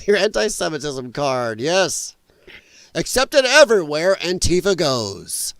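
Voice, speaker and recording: A man's voice: on the high side, sing-song, moderate pace, fairly bright tone, dry recording. Guy doing blunt mocky news rants, voice bounces up and down a lot, dry close sound. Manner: blunt, sarcastic and mocking; rambling, trails off while scrolling. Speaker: podcast host. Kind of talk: opinionated news commentary.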